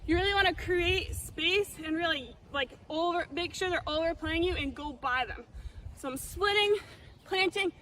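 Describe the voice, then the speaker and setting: On an outdoor field, a young female lacrosse coach demonstrates drills as she moves, asking "okay?" often after each step. Her voice is extremely high and sharp, her pace moderate, with slight background noise behind her.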